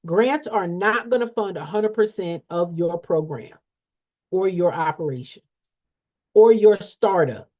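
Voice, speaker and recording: A woman's voice: lowish voice, unhurried. A woman coaching an audience on nonprofit funding, blunt and preachy, who repeats her points and asks rhetorical questions in folksy, slangy talk. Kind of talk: emphatic motivational teaching. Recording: dull lo-fi sound.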